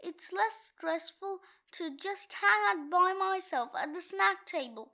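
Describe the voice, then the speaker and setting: A jittery, wisecracking sixth-grade boy, read aloud from a comic book by a woman doing his lines. His very high, bright voice stays self-conscious. He gets his jokes out unhurried. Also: animated, heavily acted. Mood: sulky.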